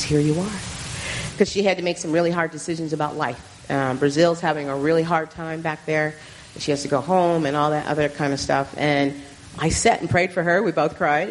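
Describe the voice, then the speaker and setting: A woman's voice: low-pitched, poor audio. A woman missionary giving an informal testimony and slideshow talk, telling her story with animation and acting out the voices of the people in it.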